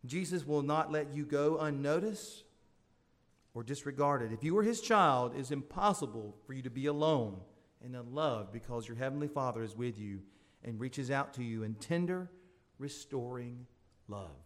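A man preaching a sermon as pastor, swelling into emphatic appeals and dropping into soft, intimate asides. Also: mid-range voice, normal speed.

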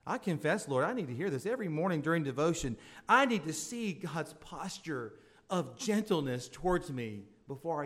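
Earnest preaching man, fairly high voice. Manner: earnest preaching with rising emphatic swells; drops to soft intimate asides. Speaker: pastor. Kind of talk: sermon.

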